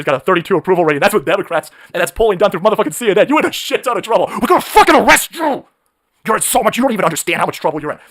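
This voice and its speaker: Brief: male streamer, high voice, rapid-fire profane rant, mocking. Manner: profane, mocking, shouting rants with mimicked voices. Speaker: live stream host. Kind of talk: ranting political live stream.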